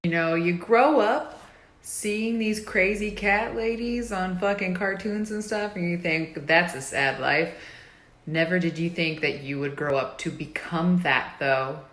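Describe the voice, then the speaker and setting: Twenty-something woman ranting and swearing into her phone, lowish voice. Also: a little slow. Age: 20s. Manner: profane, exasperated ranting. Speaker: vlogger. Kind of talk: casual selfie video chat.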